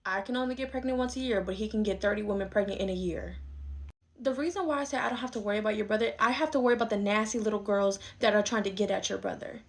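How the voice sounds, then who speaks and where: A woman's voice: medium pitch, quick pace, close to an everyday voice. A woman playing a bossy middle-aged mother who dotes on her son and scolds her daughter in a comedy skit. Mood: lecturing. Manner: scolding, dismissive, indignant. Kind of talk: skit role-play.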